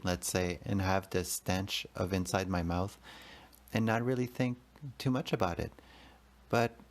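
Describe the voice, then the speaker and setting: A man in his thirties, hosting a podcast as a rambling, profane, confessional solo monologue. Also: on the low side. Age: 30s. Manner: rambling, profane, emotional, talks to himself. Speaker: podcast host.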